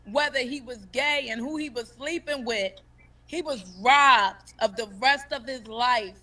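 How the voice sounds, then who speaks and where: A grieving woman gives emotional livestream testimony with a high, bright voice. She talks in an impassioned, emphatic way and repeats her words for force. She sits away from the phone mic, so she sounds distant. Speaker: grieving mother of the deceased.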